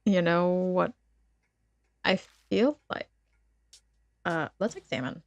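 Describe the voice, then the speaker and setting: A woman's voice: on the low side, takes it slowly, dry recording, highs cut off. A woman streaming a game, chatting casually with her viewers in a teasing, giggly way and reading the game's text aloud. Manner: teasing, giggly banter with chat.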